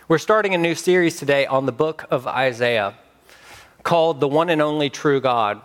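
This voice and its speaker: A man preaching a sermon as pastor, emphatic with dramatic pauses. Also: mid-range voice.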